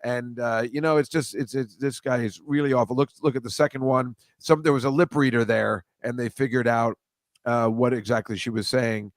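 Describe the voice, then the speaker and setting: A man's voice: medium pitch, steady tone, moderate pace, no echo, studio quality. Rambling man hosting a comedy chat show. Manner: rambling, self-deprecating, stammers and restarts. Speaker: host.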